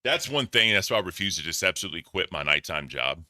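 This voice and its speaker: Male host, deep bright voice, loose and profane. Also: big pitch swings, fast, no room sound, studio quality. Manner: profane, joking. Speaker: podcast host. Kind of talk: casual chat.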